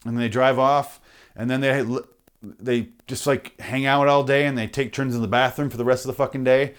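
A man's voice: mid-range voice, steady tone, moderate pace, clean tone. Male podcast host, rambling outro, profane, jokey rants.

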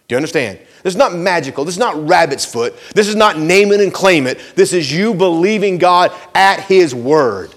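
A man preaching a sermon, earnest and pleading, who pushes his listeners with repeated questions and swings between hushed intensity and raised urgency. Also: a little high, lively intonation, normal speed, few pauses, long reverb tail. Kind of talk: sermon, teaching from scripture.

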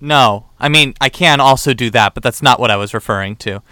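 A man's voice: mid-range voice, a little fast, pushed and bright, smooth, no room sound. A man co-hosting a podcast, chatting casually and playfully. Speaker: podcast co-host. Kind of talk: casual chat.

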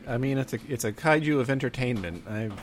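A man's voice: medium pitch, fast, slight background noise. A man co-hosting a casual podcast, sardonic and swearing casually. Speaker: podcast co-host. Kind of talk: casual chat.

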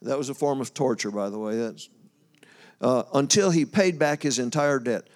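A man's voice: mid-range voice, normal speed, darkish tone. A man preaching a sermon in a casual, folksy way, reading scripture aloud and talking it over with his congregation. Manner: folksy, talks to the congregation, loses his place and laughs.

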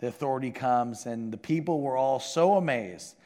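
A man preaching a sermon to a congregation, shifting between loud emphasis and hushed intensity. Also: medium pitch, moderate pace. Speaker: pastor. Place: church sanctuary with congregation. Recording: long hall reverb from a sanctuary.

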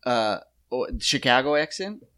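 A man's voice: mid-range voice, expressive, measured pace, a bit bright, smooth. A man co-hosting a podcast, chatting casually in a rambling, jokey way and slipping into bits and silly voices. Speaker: podcast co-host. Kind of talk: casual chat.

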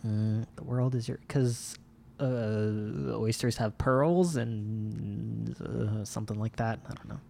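A man's voice: on the low side, takes it slowly, gravelly, mellow. A man co-hosting a podcast in casual chat, easygoing and joking. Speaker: podcast co-host.

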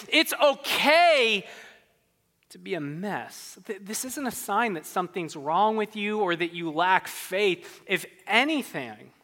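A pastor preaching a sermon in a church, earnest and conversational, with quick asides and stumbling restarts. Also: mid-range voice, pushed and bright, big-room sound.

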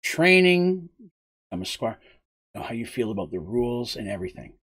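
A man's voice: mid-range voice, big pitch swings, normal speed, fairly bright tone, slightly rough, voice pushed down. A man voicing an earnest young princess who is shy but brave, speaking in his own lightly lifted voice. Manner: earnest, apologetic.

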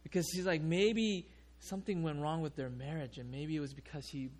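A male pastor preaching a sermon, telling a story in an animated way and often restarting his sentences. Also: on the high side, fairly quick, slight background noise.

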